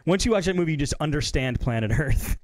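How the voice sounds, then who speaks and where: A man's voice: on the high side, expressive, fast, dry recording. A man co-hosting a casual tech podcast, laughing often and reacting with short interjections. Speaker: podcast co-host. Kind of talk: casual chat.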